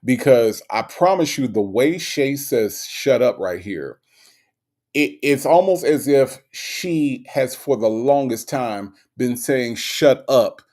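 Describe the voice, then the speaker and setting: A man's voice: medium pitch, animated, slow, a little mellow. A man hosting a casual live stream, playful and mocking, greeting viewers from the chat. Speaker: host of a live call-in commentary stream.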